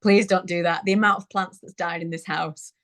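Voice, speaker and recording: Her voice is lowish and steady, moving a little fast. She's in her thirties, a parenting-interview guest recounting her birth story casually, with frequent laughter.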